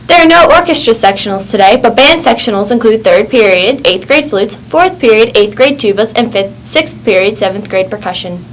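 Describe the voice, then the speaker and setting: Woman, higher voice, school announcer, upbeat reading, faint noise. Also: expressive, moderate pace, hardly any pauses, low-quality recording.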